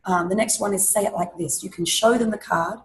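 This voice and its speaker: A woman's voice: mid-range voice, fairly quick, slight background noise, poor audio. Woman teacher trainer presenting a webinar. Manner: lively, demonstrates classroom voices and chants.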